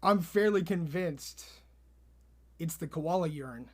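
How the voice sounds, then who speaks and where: Deadpan male podcast co-host, fairly high voice, straight-faced storyteller. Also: measured pace. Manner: deadpan, spins absurd tall tales with a straight face.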